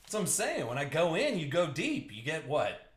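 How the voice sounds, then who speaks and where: A man's voice: fairly high pitch, huge pitch swings, normal speed, roomy sound. A young man hosting a live card break, joking and riffing with viewers by name as he opens packs.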